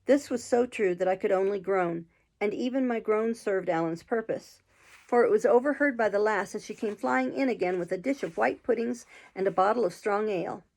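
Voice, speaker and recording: A woman reading a classic adventure novel aloud in a steady, measured storytelling voice. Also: medium pitch, gravelly.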